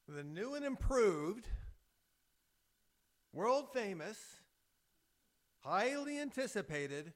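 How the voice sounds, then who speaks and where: A man giving a short, chatty sermon in a church, teasing members of the congregation by name. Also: high-pitched. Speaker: pastor. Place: church building.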